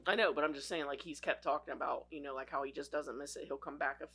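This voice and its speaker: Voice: mid-range voice, steady tone, fast talker, bright, forceful tone, husky. A podcast co-host chatting casually about a movie, laughing often and trailing off with fillers.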